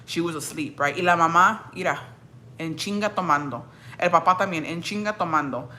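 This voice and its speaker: Her voice is lowish, bright, and forceful, and she talks a little fast as she reacts to viewers' comments. This young streamer from a Mexican-American family curses bluntly, code-switching between accented English and Spanish against faint background noise.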